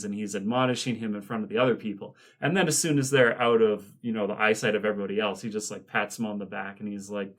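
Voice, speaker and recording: A man with a fairly low voice co-hosts a casual podcast chat. He recaps scenes in a rambling, animated way and drifts into asides. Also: fairly quick. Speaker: podcast co-host.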